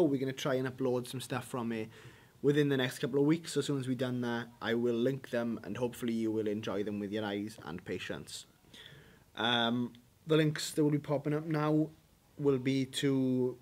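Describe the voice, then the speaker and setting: A young man with a Welsh accent delivering a comic vlog monologue in a deadpan, sarcastic-sounding tone. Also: mid-range voice. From Wales. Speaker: vlogger.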